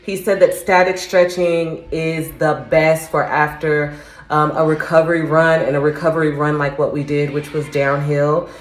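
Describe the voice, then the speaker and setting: A woman's voice: low-pitched, little pitch movement, moderate pace. A woman recording a casual, candid vlog at home right after a run, chatting reflectively with plenty of fillers. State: just back from a run. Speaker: vlogger training for a first half marathon. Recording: echoey room.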